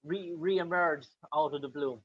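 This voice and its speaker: A man's voice: fairly high pitch, a little slow. A man interviewing a guest, asking long rambling questions full of fillers. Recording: dull lo-fi with faint noise.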